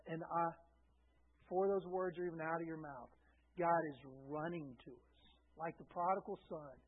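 A man's voice: on the high side, steady tone, moderate pace. A middle-aged man preaching an earnest, informal sermon and speaking directly to his listeners. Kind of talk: conversational sermon. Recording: tinny phone-like lo-fi recording.

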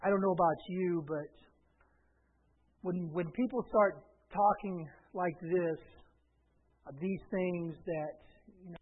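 A middle-aged man preaching a sermon as a pastor, swinging between hushed and loud and repeating his phrases. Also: sits high, slow pace, slightly rough. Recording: phone-like radio broadcast.

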